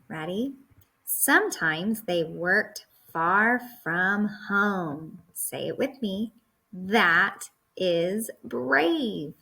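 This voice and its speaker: A woman teacher leading a classroom lesson for young children, slow and patient as she explains. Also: medium pitch, creaky, husky.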